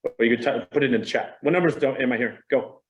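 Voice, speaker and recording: A middle-aged man leads a casual training session for a roomful of agents. His pitch sits in an ordinary middle range, and his delivery is animated and conversational. He is easy and self-deprecating as he talks. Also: fast talker, dull audio. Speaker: real estate trainer.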